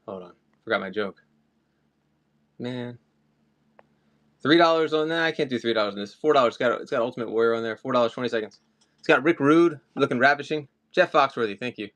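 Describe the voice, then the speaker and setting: A man's voice: medium pitch, a little fast, long pauses, fairly bright tone. A man hosting a live collectibles sale, chatting casually and rambling off topic between items. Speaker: live-stream collectibles seller. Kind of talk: casual live-stream chat.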